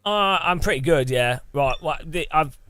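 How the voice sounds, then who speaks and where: A man's voice: fairly high pitch, animated, moderate pace, pushed and bright, faint music behind. Sardonic man gaming. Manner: sardonic, muttering asides. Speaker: gaming YouTuber. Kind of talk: casual gameplay commentary.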